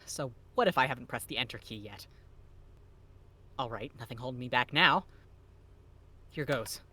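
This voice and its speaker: A man's voice: mid-range voice, animated, normal speed, sharp tone, slightly rough, full character voice. A man voicing a brash young man in a game, reading the lines aloud with a sarcastic edge.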